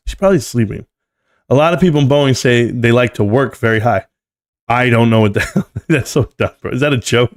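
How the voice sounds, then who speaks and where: A man's voice: fairly high pitch, lively intonation, brisk. A man in his forties hosting a casual live stream, reading viewer comments aloud in a loose, joking, slangy way. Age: 40s. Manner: loose and joking, slangy, often says "bro".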